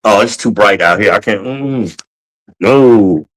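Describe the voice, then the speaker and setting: A man hosting a podcast, ranting in a casual, profane, animated way while walking around his home with a handheld phone. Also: lowish voice, slow pace, rough recording. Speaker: podcast host. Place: at home, moving between rooms.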